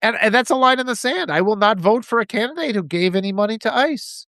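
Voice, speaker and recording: Impassioned man ranting with lively pitch. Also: fast talker, no echo. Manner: passionate, ranting, quotes opponents in mocking voices. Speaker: political commentator. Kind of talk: impassioned political monologue.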